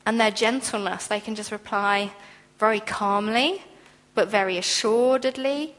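A woman's voice: mid-range voice, unhurried, fairly bright tone. A woman preaching a sermon in an earnest, conversational way, now and then acting out quoted voices. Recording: long hall reverb.

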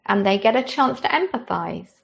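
A woman preacher delivering a sermon in an earnest, gentle, conversational way, ending in prayer. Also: a little high, lively intonation, normal speed, gravelly.

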